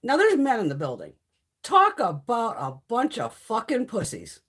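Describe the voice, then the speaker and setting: Her voice fairly high, breathy-edged, and wildly swooping in pitch, a middle-aged woman talks at a normal speed while hosting a live stream. She's casual, blunt, and profane, telling stories and reading out viewer comments to answer them.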